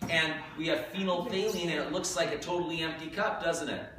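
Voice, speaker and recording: A male science teacher runs a classroom demonstration, joking and asking his students whether they follow. He is picked up from across the room by a distant camera. The sound has a strong classroom echo and a clearly audible noisy background. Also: a little high, steady tone, a little fast, sharp tone. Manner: jokey, checks in with students. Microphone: far camera. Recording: echoey classroom from far off, noisy.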